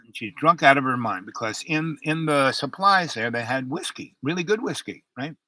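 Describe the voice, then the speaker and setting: A man's voice: medium pitch, lively intonation, moderate pace, bright, forceful tone, no echo, low-quality recording. A man casually telling a personal anecdote, rambling with many restarts and fillers. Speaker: storyteller.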